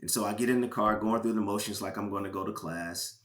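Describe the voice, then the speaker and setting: A man from Georgia, a former pro football player, sharing a personal testimony as a podcast guest with earnest, halting emotional storytelling. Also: on the low side, a bit bright, echoey room. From Georgia, USA.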